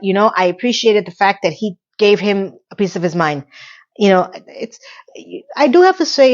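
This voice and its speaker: In a slightly dull, muffled recording, a middle-aged woman vlogs a casual solo recap of a TV episode. Chatty and emotional, even tearful, her pitch leaps up quickly whenever something touches her.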